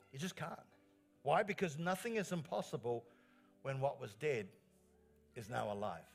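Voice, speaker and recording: A male pastor preaches in a church with an earnest, emphatic delivery, repeating key phrases and lifting his voice on the strong lines. His voice sits a little higher than most men's. Quiet instrumental music plays underneath. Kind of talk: sermon.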